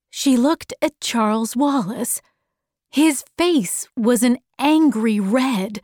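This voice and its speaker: Woman narrator, very slow and clear, slightly high voice, dry close studio sound. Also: darkish tone, no echo. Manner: careful, evenly paced reading. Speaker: audiobook narrator.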